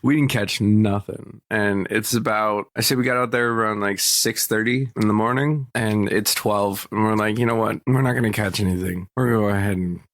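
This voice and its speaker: A man's voice: lowish voice, steady tone, normal speed, few pauses, a bit bright, no room sound, studio quality. A young man from Texas, hosting a casual solo podcast, rambling through stories, acting out what people said, and laughing often. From Texas, USA. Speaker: podcast host.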